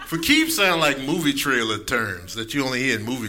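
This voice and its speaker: A man in his thirties doing an animated stand-up comedy set on a club stage, acting out other people's voices. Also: medium pitch, brisk, few pauses, crowd noise. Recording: live recording with audience noise.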